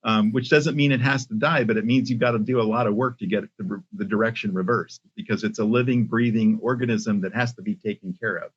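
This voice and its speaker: Older man, husky voice, muffled audio. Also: on the low side, steady tone. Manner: measured, many ums and restarts. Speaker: podcast guest, company CEO. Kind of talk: casual interview talk.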